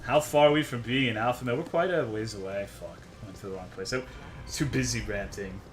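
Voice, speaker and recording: A man's voice: fairly low pitch, fairly quick, noisy background. A man streaming a game, ranting to his chat in a worked-up, profane way. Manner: profane, worked-up, swears constantly.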